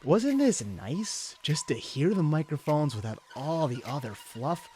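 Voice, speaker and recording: A man's voice: fairly high pitch, sing-song, measured pace, darkish tone, slight background noise. A man hosting a casual microphone review, chatting directly to viewers while talking right into a close studio microphone. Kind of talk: casual product review talk.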